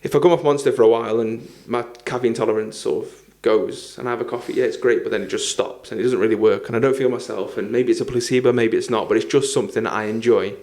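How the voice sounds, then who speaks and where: A man co-hosts a podcast and chats casually. His voice sits at a middle pitch, and he rambles on in a laid-back way, often laughing along. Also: steady tone, fast, hardly any pauses, a little mellow. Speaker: podcast co-host.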